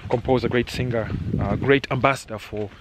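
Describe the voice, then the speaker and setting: A man's voice: medium pitch, steady tone, a little fast. A middle-aged man narrates his hike in a loose, rambling way, tossing in jokes and a habitual "eh?". He is outdoors on a soggy trail, caught on a handheld camera. A faint hiss sits under his voice. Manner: rambling, joking, frequent "eh?" tags. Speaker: vlogger on a hike. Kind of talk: casual walking vlog narration. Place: outdoors on a muddy canyon trail.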